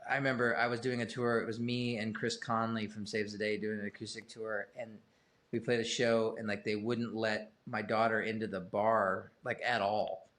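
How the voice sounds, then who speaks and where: A man's voice: fairly low pitch, little pitch movement, moderate pace, fairly bright tone. A middle-aged man talking as a guest on a podcast, rambling and self-deprecating, swearing casually. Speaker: guest musician.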